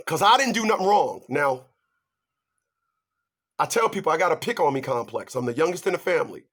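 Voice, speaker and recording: A man giving relationship advice in an animated monologue, emphatic and stammering as he talks straight to his audience. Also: fairly high pitch, fairly quick, pauses often. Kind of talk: animated ranting monologue to viewers.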